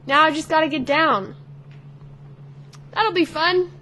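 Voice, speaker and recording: A teenage girl hosting a gaming channel, chatting excitedly to herself and the character as she plays. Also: sits high, a little slow, slight background noise. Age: teens. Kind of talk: let's play commentary.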